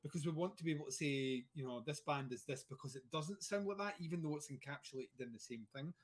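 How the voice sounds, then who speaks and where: A Scottish man in casual livestream chat, wandering through his thoughts with plenty of "um" and "like". His voice sits a little on the high side. He comes across as dry and self-mocking. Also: fast talker. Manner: rambling, wry, lots of fillers. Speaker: podcast co-host.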